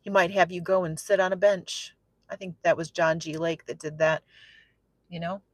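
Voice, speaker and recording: Low-voiced woman preaching a story. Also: normal speed, no echo. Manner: chatty storytelling that swings from soft musing to loud, excited exclamation; repeats phrases for emphasis. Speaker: prophetic minister. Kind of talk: preaching with a personal testimony.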